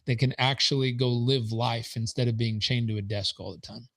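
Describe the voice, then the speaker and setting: A man in his forties, a podcast guest and business consultant, telling stories in an animated way and acting out quoted dialogue. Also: medium pitch, moderate pace, poor audio. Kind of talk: conversational storytelling.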